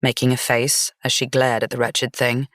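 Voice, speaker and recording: A woman narrating a gothic fantasy romance audiobook in an even, measured storytelling manner. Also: very deep voice, dry recording, clean studio sound.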